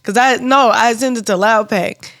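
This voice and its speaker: A woman's voice: on the high side, moderate pace, a bit bright, dry recording. Southern woman with a Georgia accent, casual podcast co-host, laughs easily, dry close mic. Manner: storytelling, laughs often, many "like" fillers. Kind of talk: casual chat.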